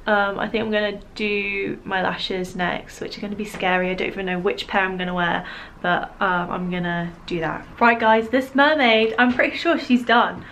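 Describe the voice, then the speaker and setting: A young British woman vlogging to the camera from her room at home, chatty and giggly, her voice slightly hoarse. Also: mid-range voice, fairly even intonation, normal speed, a bit bright, a little hiss or hum, poor audio. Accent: British English. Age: young adult. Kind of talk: casual vlog chat. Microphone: camera mic, filming herself.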